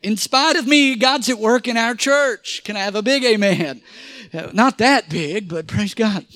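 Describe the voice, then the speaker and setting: High-pitched guy preaching, calling for amens, dry close sound. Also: measured pace, no room sound. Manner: animated preaching with call-and-response to the congregation. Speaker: pastor. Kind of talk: sermon. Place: church.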